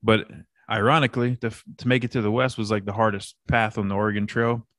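A man co-hosting a podcast, telling an animated story in casual banter and swearing freely. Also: on the low side, fast, no echo, studio quality. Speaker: podcast co-host.

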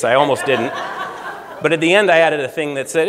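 A man in his forties from the United States gives a storytelling talk in a lecture room, with the sound ringing out in a long hall reverb. His voice sits a little high for a man. He acts out quoted lines with lively energy. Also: fairly quick, slight background noise. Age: 40s. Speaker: guest speaker.

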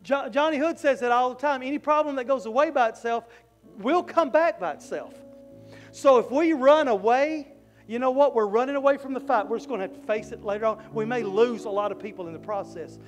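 Pastor, man, very high voice, folksy sermon delivery with repeated words. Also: brisk, faint music behind. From Southern US. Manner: folksy, repeats words when searching for them. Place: church sanctuary.

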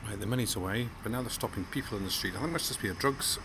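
A man's voice: on the low side, rapid-fire, very noisy. A man, chatting casually to viewers in a travel vlog. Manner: chatty, addresses viewers as folks. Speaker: travel vlogger.

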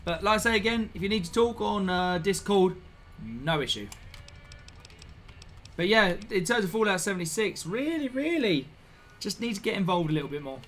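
A man's voice: high voice, lively intonation, normal speed, fairly bright tone, a little hiss or hum. A man chatting casually with viewers while live-streaming a video game, rambling and repeating himself. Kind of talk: live-stream gameplay chat.

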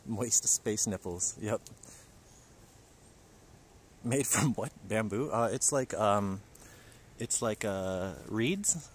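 A man's voice: lowish voice, animated, extremely slow, pauses often, slight background noise. A man livestreaming in a park forest, chatting and joking with his viewers. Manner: chatty, jokey, talks to viewers. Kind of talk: casual livestream chat.

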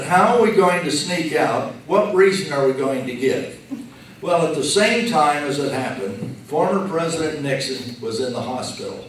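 A man giving a slow, joking farewell speech at a retirement reception, telling stories with punchlines. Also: on the high side, slight background noise. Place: banquet room. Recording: echoey room from far off.

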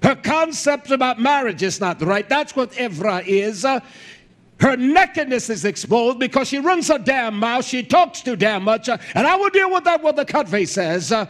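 A male preacher with a very high voice that swoops up and down, delivering a blunt, fiery sermon. He often shouts his points, swears freely and fills gaps with "uh" and repeated words. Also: very animated, normal speed.

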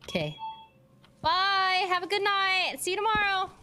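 A woman streaming a horror game in casual chat, jumpy and quick to scream. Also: extremely high pitch, expressive, pushed and bright. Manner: jumpy, prone to sudden screams.

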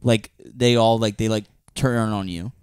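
A man's voice: fairly low pitch, a little slow, smooth, dry recording, clean studio sound. A man co-hosting a podcast, casually telling a story and acting out the quotes. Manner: animated storytelling, acts out quotes. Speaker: podcast co-host. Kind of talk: casual chat.

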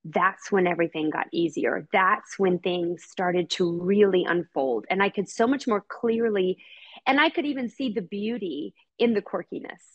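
A middle-aged woman with a husky, breathy edge talks as a podcast guest. Her delivery is candid and heartfelt, chatty, with easy laughs, in a pitch that sits in the ordinary middle for a woman. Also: normal speed, lo-fi sound. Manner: heartfelt and chatty, laughs often, acts out quoted people. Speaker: guest, mother of an autistic son.

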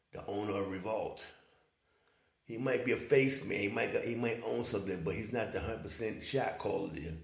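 A man's voice: fairly low pitch, gravelly, echoey room. A man talking in a casual commentary vlog, rambling and often asking whether you follow him. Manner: rambling, keeps saying "you know what I'm saying". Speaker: online commentator.

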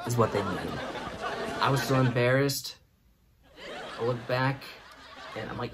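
A man's voice: medium pitch, measured pace, long pauses, a crowd in the background, noisy background. A man hosting a show, telling a comic story and laughing through it. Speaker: host. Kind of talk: comedic storytelling.

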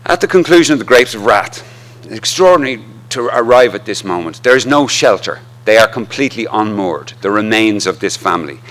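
A man giving an academic literature lecture with deliberate, dramatic emphasis. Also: lowish voice, lively intonation, fairly bright tone.

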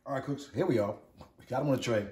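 He talks fast in a medium-pitched, darkish voice. In his casual cooking video he's chatty and excited, repeating catchphrases to viewers as he works at home and then outside at a backyard grill. The recording has an echo, coming from a distant camera.

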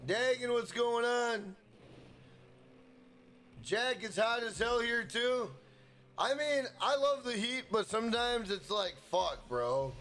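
A man's voice: extremely high pitch, slow pace. A young man from Minnesota live streaming a game, chatting casually, swearing freely and hyping up his chat. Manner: hyped, profane, shouts out chat members.

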